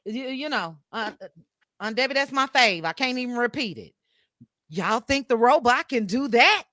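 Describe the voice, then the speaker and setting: Lively high-voiced woman hosting a chat show. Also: moderate pace, no echo. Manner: animated, laughs often, exclaims to the chat. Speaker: talk show host. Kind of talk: casual livestream chat.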